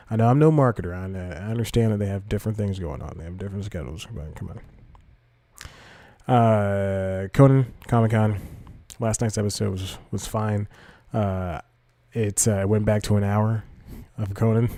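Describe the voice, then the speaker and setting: Man, podcast host, low mellow voice, dry close sound, rambling and self-deprecating. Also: no room sound. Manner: loose, self-deprecating, restarts sentences. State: slightly out of breath. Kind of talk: rambling solo podcast talk.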